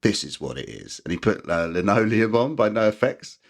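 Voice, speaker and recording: Deep-voiced english guy, bouncy storyteller, jumps way up high doing other people's lines. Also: normal speed, gravelly. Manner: animated storyteller, acts out quotes in high voices, laughs often. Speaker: podcast guest, punk musician. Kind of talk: casual chat.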